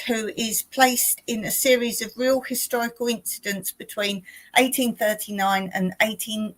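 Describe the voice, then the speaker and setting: A woman's voice: mid-range voice, a bit bright, low-quality recording. A middle-aged woman hosting a casual live stream, chatty and rambling, often laughing as she talks.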